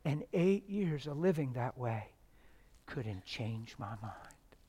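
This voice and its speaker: A middle-aged man, a pastor, preaching a sermon with passionate storytelling that swings from loud exclamations to hushed quiet. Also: mid-range voice, lively intonation, slow.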